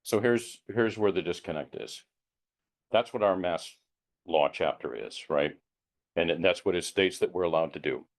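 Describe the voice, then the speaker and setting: Board member, deep-voiced man, slow halting explanation full of ums. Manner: hesitant, many ums, measured explanation. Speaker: elder affairs board member. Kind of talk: explaining at a public meeting.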